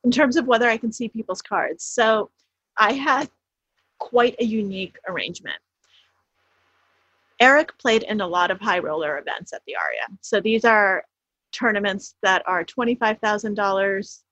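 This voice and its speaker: A woman with a husky, slightly breathy voice answers interview questions in a quick, emphatic way, circling back and restarting her phrases. The sound is dry and close, a little dull and lo-fi. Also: mid-range voice, a bit bright, no room sound. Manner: fast, emphatic explaining with many restarts. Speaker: author guest.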